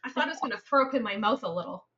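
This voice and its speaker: A woman hosting a podcast about real estate, telling stories in an animated, laughing, repetitive way. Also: fairly high pitch, rapid-fire, husky, muffled recording. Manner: animated, laughing, repeats phrases for emphasis. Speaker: podcast host and realtor. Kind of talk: casual storytelling chat.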